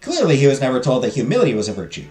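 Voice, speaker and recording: A man's voice: medium pitch, huge pitch swings, rapid-fire, a little mellow. A man streaming a story game, reading the narration aloud and joking playfully about the voices he does. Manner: playful, laughs at his own voices. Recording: roomy echo with faint game music.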